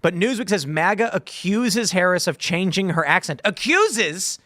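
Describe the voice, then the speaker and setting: A man's voice: high voice, normal speed, fairly bright tone, no room sound, studio quality. A man hosting a podcast, reading headlines aloud and reacting with disbelief. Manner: reads headlines aloud with incredulous asides. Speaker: host. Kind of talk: casual podcast talk.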